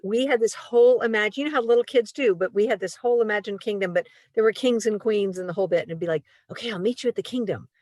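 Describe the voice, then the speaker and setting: A woman co-hosting a library author talk over a video call, talking in a quick, apologetic way when she asks a question. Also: mid-range voice, a little mellow, dry recording. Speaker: library event host. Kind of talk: casual interview chat.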